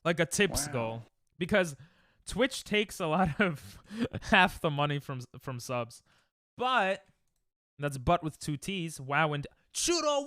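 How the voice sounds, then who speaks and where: Lively bright-voiced young streamer man. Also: no room sound, clean studio sound. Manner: rambling, laughs often, sudden high yelps. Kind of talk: casual chat with live chat.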